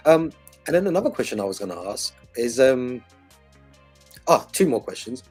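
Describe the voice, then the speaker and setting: A man's voice: mid-range voice, sing-song, normal speed, darkish tone, breathy edge, soft background music. A male guest in a casual podcast chat, inquisitive and a little hesitant.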